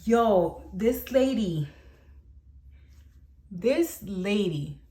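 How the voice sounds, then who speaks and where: A young woman vlogger telling a story casually, animated and blunt, with lots of slang. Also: mid-range voice, drawn-out words.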